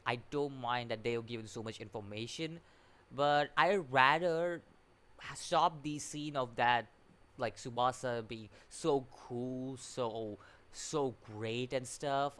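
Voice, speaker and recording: A man giving a casual spoken anime episode review, animated and incredulous, laughing often and filling his talk with "like" and "what?". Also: mid-range voice. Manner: animated and incredulous, full of fillers and repeated "like, what?"; laughs often while talking.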